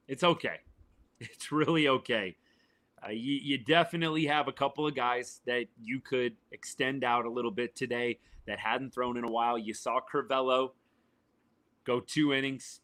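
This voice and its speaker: A man, his voice worn and going hoarse, chatting casually as a podcast host reacting live to a baseball game and answering viewers. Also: medium pitch, moderate pace, sharp tone. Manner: chatty, answers chat viewers by name, says y'all. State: voice worn and failing, a little quieter than usual.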